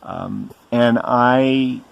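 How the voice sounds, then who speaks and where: A middle-aged man telling a personal story to camera in a gentle, reverent way, pausing often with ums. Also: mid-range voice, vocal fry, muffled recording. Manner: slow and hesitant, frequent ums and pauses. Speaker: spiritual vlogger.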